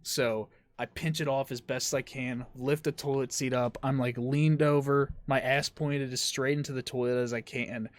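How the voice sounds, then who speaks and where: A man's voice: medium pitch, level tone, moderate pace, few pauses, no room sound. A young man hosting a podcast, telling rambling stories among friends, swearing freely and laughing. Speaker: podcast host. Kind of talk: casual chat.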